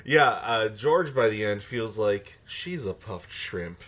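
A man with a somewhat low voice co-hosts a casual podcast. He recaps the plot of a book and keeps dropping joking asides as he goes. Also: expressive, takes it slowly, a bit bright. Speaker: podcast co-host. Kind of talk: casual book discussion chat.

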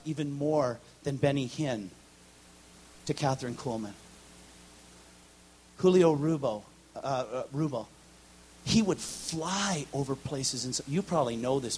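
A man preaching a charismatic sermon, telling stories with humor and swinging from loud shouts to hushed whispers. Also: medium pitch, a little hiss or hum. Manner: storytelling, animated and humorous. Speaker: guest preacher.

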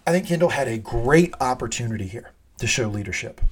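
A man's voice: mid-range voice, animated, fairly quick, breathy edge. A man co-hosting a podcast, animatedly recapping a TV episode, swearing often and acting out the quoted lines. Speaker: podcast co-host. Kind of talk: casual TV recap chat.

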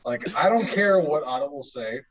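A man's voice: on the high side, animated, normal speed. A man appearing as a brewery co-founder guest in a casual interview, bantering in a playful, boastful way. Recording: dull lo-fi sound.

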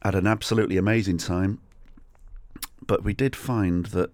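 A man's voice: sits low, steady tone, moderate pace, long pauses, darkish tone, no echo. A middle-aged man hosting a solo podcast, telling rambling, sweary, self-deprecating anecdotes. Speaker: podcast host. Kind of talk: solo comedic storytelling.

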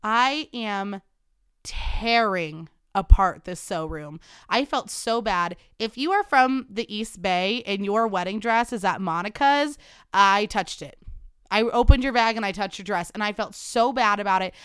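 A young woman hosting a podcast, telling a story in a dramatic, animated way and swearing freely. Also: medium pitch, unhurried, clear, resonant tone, dry recording, clean studio sound. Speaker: podcast host. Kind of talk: casual storytelling chat.

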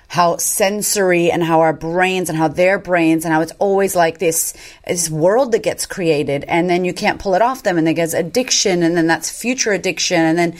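A woman in her thirties telling stories candidly as a podcast guest, swearing freely and acting out what people said. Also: on the low side. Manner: animated, swears freely, acts out quotes. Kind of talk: candid conversational storytelling.

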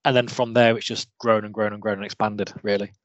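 A man's voice: lowish voice, little pitch movement, a little fast, no echo, highs cut off. A British man speaking openly and earnestly as an interview guest, in a candid, self-deprecating way. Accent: British English. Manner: open, earnest, self-deprecating, many restarts. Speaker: interview guest, mechanical engineer.

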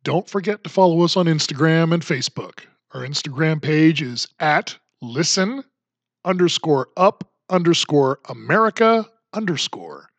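Middle-aged guy on a political podcast, kinda high voice, mocking tone, dead dry sound. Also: expressive, normal speed, no room sound. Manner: sarcastic, mocking. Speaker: podcast host.

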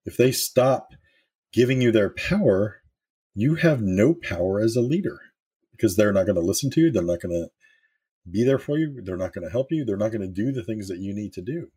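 A man's voice: lowish voice, lively intonation, a little fast, dark tone, husky. A middle-aged man and former manager giving a candid motivational talk on leadership, telling stories and swearing now and then. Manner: candid and storytelling, with occasional swearing.

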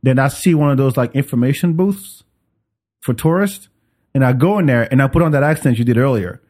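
A man's voice: medium pitch, fairly quick. A man from France, a podcast host telling a story in casual chat and acting out the people in it. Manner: animated, acts out voices in his stories.

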